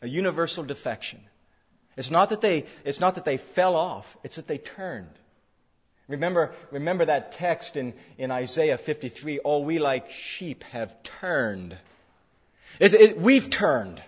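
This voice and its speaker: A man's voice: a little high, expressive, moderate pace, breathy edge. A man preaching an expository sermon, emphatic, repeating phrases for stress. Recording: dull lo-fi sound in a reverberant hall.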